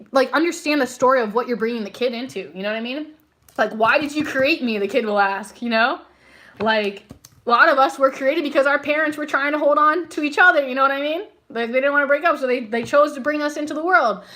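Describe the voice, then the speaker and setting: High, bright-voiced young woman doing live readings. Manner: chatty and slangy, full of "like", laughs often. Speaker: psychic livestream host. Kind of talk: casual live tarot reading.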